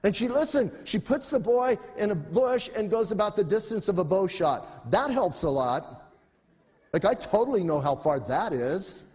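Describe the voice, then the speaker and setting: Animated high-voiced preacher man. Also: moderate pace, big-room sound. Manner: animated, conversational preaching with humor. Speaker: pastor. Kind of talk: sermon.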